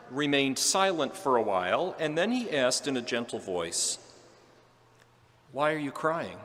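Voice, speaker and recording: A man giving a homily as a priest, telling a personal story in a gentle, earnest way with touches of quiet humor. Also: a little high. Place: large church. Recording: long church reverb.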